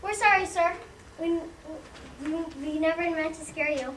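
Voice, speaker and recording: A woman's voice: very high-pitched, normal speed, crowd noise. A woman playing a timid, groveling office assistant who babbles apologies, in an amateur stage play. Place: theatre stage, heard from the audience. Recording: echoey hall from far off, noise.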